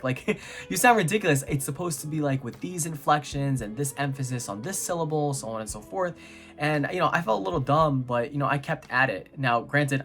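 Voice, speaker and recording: A young American man from New York giving a casual, chatty book review, full of filler words and quick laughs. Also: mid-range voice, fairly bright tone.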